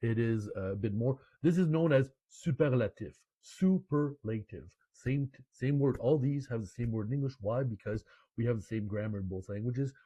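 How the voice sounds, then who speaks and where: A man's voice: medium pitch, normal speed, warm tone, husky, no echo. A man from Canada teaching French online, chatty and playful, slipping French phrases into his English explanations. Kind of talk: online language lesson.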